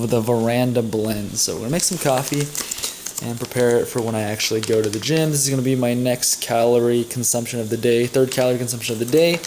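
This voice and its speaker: Making coffee at home, a young vlogger narrates what he ate today in a chatty, meandering way, frequently correcting himself. His medium-pitched voice comes through a camera mic with background noise.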